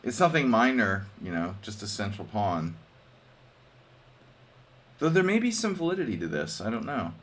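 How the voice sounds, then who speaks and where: A man's voice: lowish voice, sing-song, normal speed, pauses often, fairly bright tone. A man casually commenting on his chess games during a live stream, joking with chat and thinking aloud over moves.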